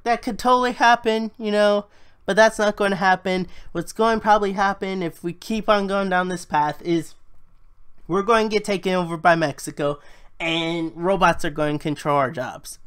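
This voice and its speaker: A woman's voice: mid-range voice, clear, resonant tone. A woman in a solo vlog, ranting about the economy in a heated, frustrated way with plenty of swearing. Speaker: vlogger. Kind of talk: solo political rant.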